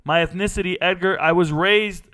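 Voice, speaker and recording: A man with a smooth, resonant voice hosts a casual sports livestream. He talks straight to his viewers, blunt and slangy, and tosses out quick takes as he reads their questions. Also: high voice, fairly even intonation, bright, forceful tone. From United States. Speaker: sports show host.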